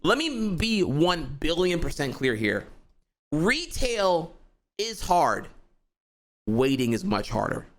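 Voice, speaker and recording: A man's voice: medium pitch, animated, normal speed, few pauses. A young man ranting heatedly to his stream audience, profane and rambling, full of fillers like "dude" and "bro". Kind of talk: casual ranting monologue.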